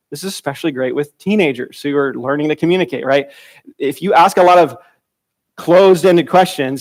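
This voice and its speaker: A man with a fairly high voice teaches a church Bible class. His delivery is loose and conversational, with repeated words and restarted phrases. He jumps up in pitch when he acts out quoted dialogue.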